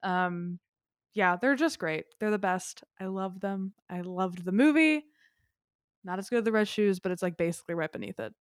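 A woman's voice: medium pitch, moderate pace, no echo, clean studio sound. A woman co-hosting a podcast, talking about films in an enthusiastic, rambling way full of fillers. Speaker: podcast co-host. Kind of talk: casual film chat.

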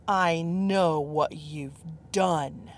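A woman voicing a stern, judgmental man in his thirties who speaks slowly and with menace. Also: fairly low pitch.

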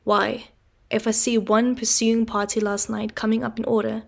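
A woman voicing a gruff, starving male convict who speaks loudly and urgently, with a gravelly voice. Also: a little high, level tone, normal speed. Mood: haunted. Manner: loud, rough and urgent.

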